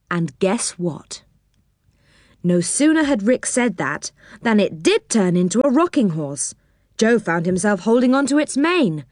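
A woman reads a children's story aloud with an expressive storyteller's delivery. Her pitch rises and falls a lot as she tells it. The recording is dry and close, with no room sound. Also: dry recording. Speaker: narrator.

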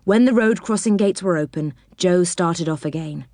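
A woman reading a children's storybook aloud with expressive, animated narration. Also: lowish voice, normal speed, dry recording, studio quality.

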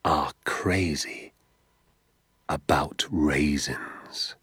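A man reading an audiobook, voicing a secretive, enthusiastic father who talks in a low, confiding hush and sometimes drops to a whisper. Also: lively intonation, measured pace, no echo. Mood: conspiratorial. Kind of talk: audiobook character voice.

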